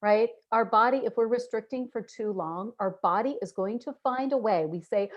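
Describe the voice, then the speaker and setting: A woman guest in a casual interview, earnest and reflective, who acts out inner voices with sudden jumps in pitch. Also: normal speed, few pauses, highs cut off.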